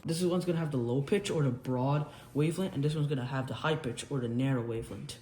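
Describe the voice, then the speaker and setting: Speaking fast in a dark, mid-range voice, a young man walks through physics like a laid-back tutor, drawing and repeatedly starting sentences over. It's a whiteboard explainer recorded in a roomy space with faint noise behind him.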